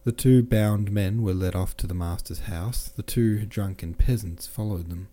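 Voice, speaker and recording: A man hosting a podcast and reading a classic novel aloud in steady, measured narration. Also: on the low side. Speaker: podcast host and reader.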